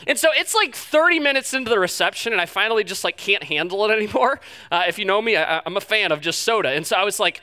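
A male pastor delivers a sermon with a notably high-pitched voice. His tone is bright and forward, and he tells stories in an animated, self-deprecating way that carries into his teaching. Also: fast, clear, resonant tone.

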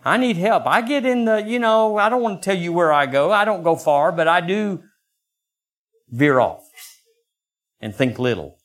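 Animated older preacher. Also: male voice, normal speed. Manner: animated, acts out voices with sudden high pitch jumps. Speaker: pastor. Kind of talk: sermon.

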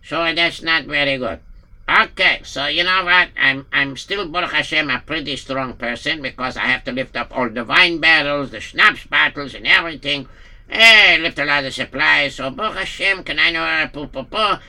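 A man's voice: fairly high pitch, moderate pace, pushed and bright. Man playing a fretful Yiddish-accented innkeeper. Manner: anxious, frets aloud with many stammered fillers. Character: worried male village innkeeper, nervous and fretful. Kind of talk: amateur radio-play acting.

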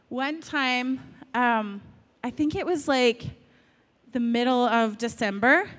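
High-voiced woman preaching in a reverberant hall. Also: fairly bright tone. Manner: casual, storytelling, many rhetorical questions. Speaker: speaker giving a talk on faith. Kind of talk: conversational sermon.

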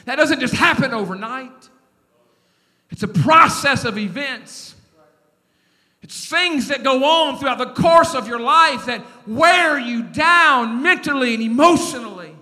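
A middle-aged male pastor preaching a sermon in a church, animated and calling on the congregation to respond. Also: very high voice, measured pace, pauses often. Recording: long hall reverb.

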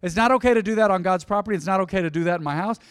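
A male pastor preaching a sermon emphatically, swinging from loud peaks down to hushed lines. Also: high voice, very fast, clear, resonant tone. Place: church sanctuary. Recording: long church reverb.

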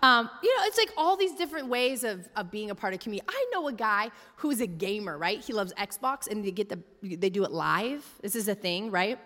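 A woman's voice: mid-range voice, very animated, brisk, hardly any pauses, pushed and bright. A young woman pastor preaching a sermon in a chatty, humorous storytelling way, full of fillers, in a large church hall. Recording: long hall reverb.

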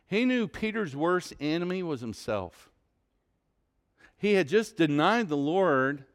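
A man preaching a sermon, telling a story with big swings from loud to hushed. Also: mid-range voice. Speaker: pastor.

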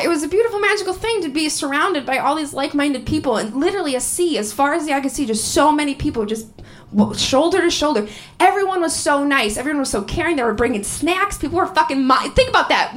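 Stand-up comic, woman in her 30s, high bright voice swinging all over, swears a lot and laughs at her own jokes. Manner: profane, animated, laughing through punchlines. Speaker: stand-up comedian. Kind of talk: stand-up comedy set. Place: comedy venue with a live audience.

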